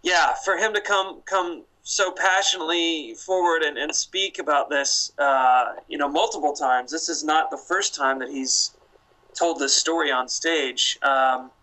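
A man co-hosting a podcast talks in a slightly raised voice with an eager, gushing fan's manner. His tone is bright and forward, and he keeps the feel of casual chat. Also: fairly high pitch, unhurried, low-quality recording. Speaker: podcast co-host.

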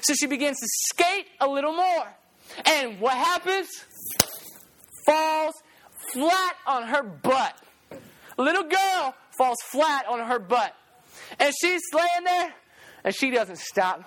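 High-voiced animated preacher telling a story. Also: takes it slowly, pauses often. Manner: animated, repeats phrases for emphasis, breaks into song. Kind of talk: storytelling sermon.

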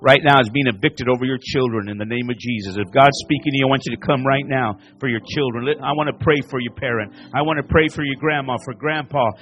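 A pastor delivering a sermon and altar call, repeating phrases and rising to near-shouts as he preaches. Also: medium pitch, quick pace, hardly any pauses, lo-fi sound.

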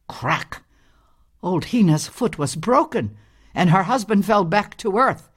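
A woman reading a storybook aloud in a calm, gentle, measured way. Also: fairly low pitch.

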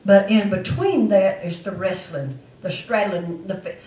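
A woman's voice: mid-range voice, unhurried, dark tone. A woman preaching a testimony sermon to her church with an emphatic, repetitive delivery. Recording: echoey room, mic far off.

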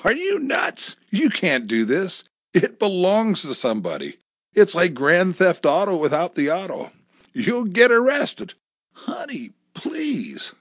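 A man doing a fed-up wife who pleads and scolds in a lifted, lively voice. She swings up high in alarm and back down in weary disbelief. The sound is close and dry, with no room around it. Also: slow pace, no echo, heavily acted. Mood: exasperated. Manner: pleading, scolding, higher pitched. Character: exasperated wife, worried and scolding.

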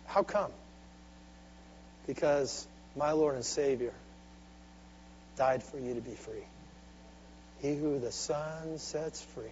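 A man preaching a sermon with call-and-response, swinging from soft, intimate asides to loud, driving exhortation. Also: medium pitch. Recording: dull lo-fi recording with faint hum.

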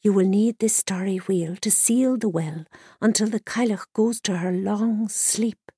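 Woman reading wise druid in bird form, calm, steady instructions, dry close sound. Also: mid-range voice, measured pace, slightly rough, no room sound. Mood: instructive.

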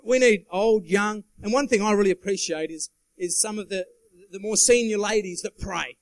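An earnest man preaching to a church congregation, his voice sitting high for a man. He drives his points home with emphasis and calls out for the listeners' agreement. The sound is dry and close, with little room echo. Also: normal speed. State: sweating. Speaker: guest preacher. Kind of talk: sermon.

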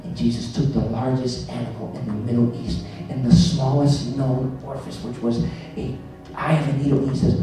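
A man preaching a sermon, acting out dialogues and swinging from hushed asides to shouts. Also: mid-range voice, very echoey, distant mic, rough recording. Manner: dramatic, acts out dialogues, swings from soft to shouting.

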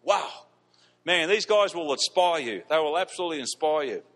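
Aussie pastor telling stories in church, kinda high voice, repeats stuff, big echoey hall. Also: male voice, normal speed. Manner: animated, repeats lines for emphasis, laughs at his own stories. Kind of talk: storytelling sermon. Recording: long reverb of a church hall.

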